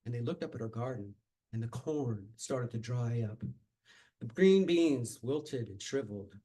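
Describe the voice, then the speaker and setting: A man telling a tall tale at a live storytelling contest, speaking in an animated, dramatic way. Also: mid-range voice, a little slow, rough recording.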